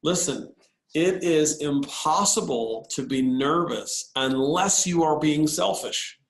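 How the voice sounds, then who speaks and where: A man voicing a cool, calm pastor who gently probes with questions while retelling a story. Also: fairly high pitch, slow, vocal fry, reverberant. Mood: calm, probing.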